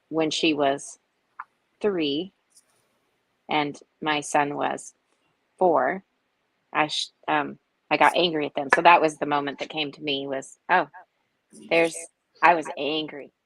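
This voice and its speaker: A woman in her forties on a video call, telling personal stories in an earnest, reflective way with many pauses. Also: low-pitched, fairly bright tone, dry recording, poor audio. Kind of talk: casual heartfelt group chat.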